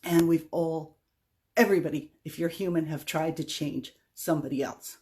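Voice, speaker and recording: A woman's voice: deep voice, fairly even intonation, moderate pace, warm tone, a little hiss or hum. Chatty woman telling a rambling story. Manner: chatty, rambling, self-deprecating. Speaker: vlogger. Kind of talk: casual storytelling monologue.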